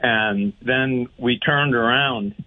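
A man calls into a radio show and tells a story, chatty and halting, with a voice of middling pitch. His voice comes through a narrow, tinny phone line. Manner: chatty, hesitant storyteller with many fillers. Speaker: radio caller. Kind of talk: casual anecdote over the phone. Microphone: telephone.

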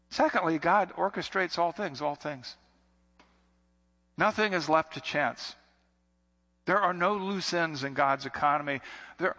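A man's voice: a little high, bright, forceful tone. A man preaching a sermon in an earnest, conversational way, circling back to repeated phrases. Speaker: pastor. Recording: long hall reverb.

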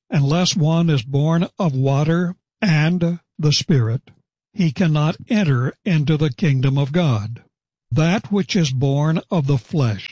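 A man giving a measured, deliberate expository Bible teaching, reading verses and explaining them. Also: medium pitch, darkish tone, breathy edge, no room sound.

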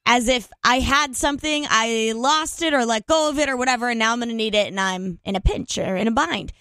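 A woman's voice: on the high side, brisk, no echo. Chatty radio co-host woman, dry studio sound. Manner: animated, acts out quotes, many fillers. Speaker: radio morning show co-host. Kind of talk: casual storytelling chat.

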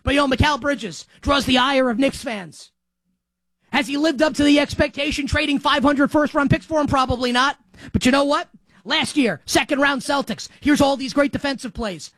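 Fired-up high-voiced New man. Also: moderate pace, no echo, poor audio. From New York. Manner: excitable, ranting, emphatic. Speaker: sports talk show host. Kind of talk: animated sports talk monologue.

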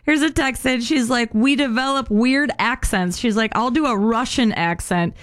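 A chatty woman co-hosting a radio show, her voice sitting on the higher side. She laughs easily and reads out listener texts in a relaxed, casual way. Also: moderate pace.

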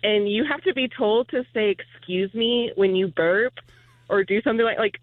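Female caller, animated, laughs easily; dry phone audio. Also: mid-range voice, normal speed, no echo. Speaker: radio caller. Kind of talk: casual chat. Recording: tinny phone line.

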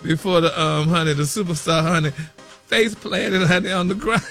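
A man with a high voice runs the celebrity gossip segment of a radio show. He is flamboyant and sassy, and he drops honey and y'all into nearly every phrase. A faint music bed plays underneath. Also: steady tone, moderate pace, a bit bright. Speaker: celebrity news reporter.

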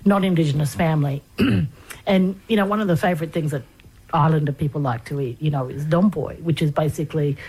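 A woman interviewer who asks questions hesitantly, pausing and searching for words. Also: deep voice, a little mellow, husky, poor audio.

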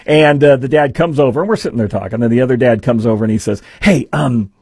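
A man hosts a talk radio show, telling a rambling, filler-packed story into a studio microphone in a casual monologue. His medium-pitched voice is rapid-fire, with a darkish tone and a breathy edge. There is no room sound.

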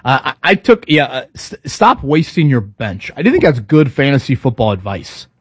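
A man's voice: mid-range voice, big pitch swings, normal speed, husky, no echo, studio quality. A man co-hosting a casual sports talk show, speaking conversationally with frequent fillers and restarts. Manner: conversational, stop-start with fillers. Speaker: sports radio co-host.

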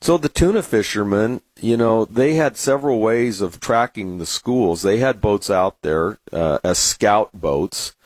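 A man's voice: on the low side, expressive, unhurried, hardly any pauses, a little mellow, no echo. An American man from San Diego, talking casually to the camera as a market commentator and telling rambling stories full of "uh"s. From San Diego, USA. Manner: rambling, anecdotal storyteller with many fillers.

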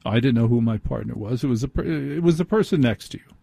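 A man's voice: medium pitch, animated, fast, vocal fry, dark tone, husky, no room sound. A man hosting late-night radio, telling a rambling, self-deprecating comic story into a studio microphone.

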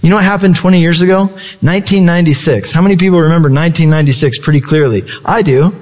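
A man's voice: a little high, very fast, a little mellow, in a large hall. Conversational male preacher in a big room. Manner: conversational, rhetorical questions to the congregation. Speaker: pastor. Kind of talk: sermon.

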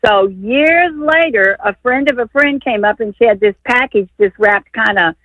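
A woman's voice: a little high, moderate pace, fairly bright tone, no room sound. A woman from Texas calling in to a radio show, telling her story eagerly and emotionally with lots of fillers over the phone. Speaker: caller. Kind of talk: call-in radio chat. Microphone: telephone. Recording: tinny phone line.

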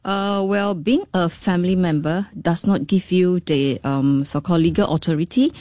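A woman's voice: on the low side, normal speed, dark tone, no echo. A woman, a financial services director, explaining legal and money matters in an interview with frequent ums and okays. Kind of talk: radio interview answers.

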